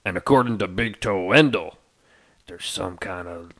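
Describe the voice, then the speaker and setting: A man voicing a gruff, dim-witted male rumor-monger in a tabletop game, rambling with a wandering accent and lots of hesitations. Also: deep voice, normal speed, fairly bright tone, pitched below the performer's own voice, poor audio.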